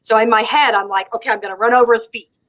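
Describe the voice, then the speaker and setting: A middle-aged woman from the United States with a Southern American accent, telling lively stories as a guest and laughing often. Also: a little high, fast talker, low-quality recording. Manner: animated storyteller, laughs often. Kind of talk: casual conversation on a live stream.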